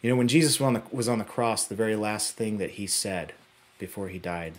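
A man with a husky, breathy voice delivers a sermon at a church service. He moves between quiet, low phrases and rising, urgent emphasis, with pauses between short phrases. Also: steady tone. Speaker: pastor.

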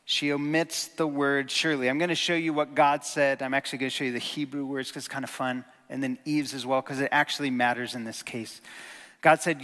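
A man's voice: medium pitch, a bit bright. A man giving a sermon in a conversational teaching style, with enthusiastic asides. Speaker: pastor. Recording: reverberant hall.

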